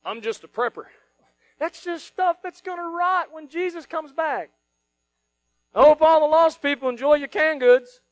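Man, pastor, very high voice, dry close sound, animated preaching. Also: a little slow, no echo, soft background music, poor audio. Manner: animated, mocking voices of worried people, rising to shouts. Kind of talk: sermon.

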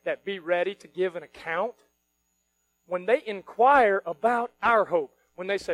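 A male pastor preaching a sermon, switching between quiet earnest stretches and loud mocking outbursts. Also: high-pitched, measured pace, low-quality recording. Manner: animated, mocking voices of worried people, rising to shouts.

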